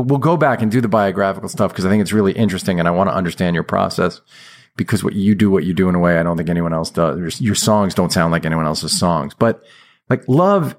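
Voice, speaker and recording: A man's voice: low voice, darkish tone. A man hosting an interview, asking probing questions in a hesitant, filler-heavy way. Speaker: interview host. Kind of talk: conversational interview.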